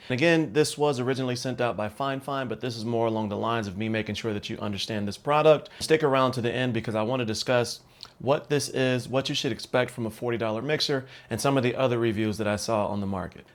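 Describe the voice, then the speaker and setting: A man reviewing a tech product in a casual demo, relaxed and full of ums and asides. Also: medium pitch, a little fast.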